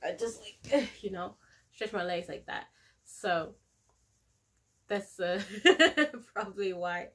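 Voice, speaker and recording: A woman's voice: medium pitch, takes it slowly, long pauses. Candid young woman telling a story. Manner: animated and candid, acts out her own pleas loudly, laughs often. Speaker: vlogger. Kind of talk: casual storytelling.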